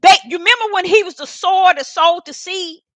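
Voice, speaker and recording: A woman preaching in a live-streamed Bible study. She talks to the live chat, repeats words for emphasis, and swings from shouts to soft murmurs. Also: extremely high pitch, brisk, dry recording, poor audio.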